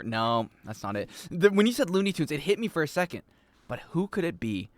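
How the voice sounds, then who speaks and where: A man's voice: a little high, very animated, normal speed, no echo. A male streamer rambling and joking casually with his chat while he plays. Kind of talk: casual game-stream chatter.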